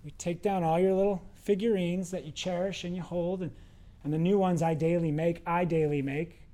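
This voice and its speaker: A man with a high-pitched voice preaching in a relaxed, conversational way. He tells the story with lively acted quotes and talks straight to his congregation. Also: moderate pace. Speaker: pastor. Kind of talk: sermon.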